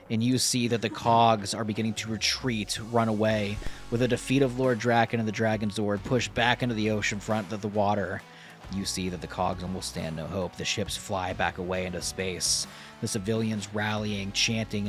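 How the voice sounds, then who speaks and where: A man's voice: fairly low pitch, steady tone, normal speed, faint music behind. A man narrating as game master of a tabletop game, casual with filler and swearing.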